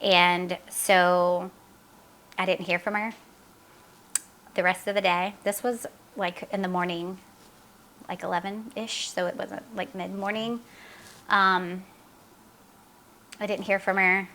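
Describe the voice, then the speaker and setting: In an interview, a middle-aged woman emotionally recounts her daughter's story over slight background noise. Her mid-range voice sounds bright and forceful, her delivery flat, and she speaks in an earnest, halting manner, filling in with fillers and re-enacted exchanges.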